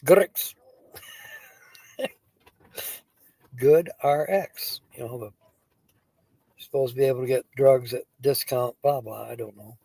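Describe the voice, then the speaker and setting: A man hosts a casual live stream, reading viewer comments aloud, playing with silly wordplay and often breaking into giggles, playful, goofy and tickled by the puns. His mid-range voice is steady, dark, husky and creaky; he talks a little fast, pauses often, and the recording is dry.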